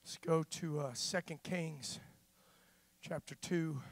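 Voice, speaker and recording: A man preaching a sermon, moving from slow, quiet talk to loud, impassioned shouting and filling pauses with "uh". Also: fairly high pitch, dry recording. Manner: fills pauses with frequent "uh". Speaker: father.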